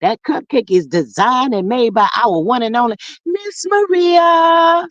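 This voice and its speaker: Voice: high voice, measured pace, a little hiss or hum. A live stream host reading viewer comments aloud in casual, sassy chat full of endearments. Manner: animated, sassy, drawling endearments. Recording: dull lo-fi dry audio.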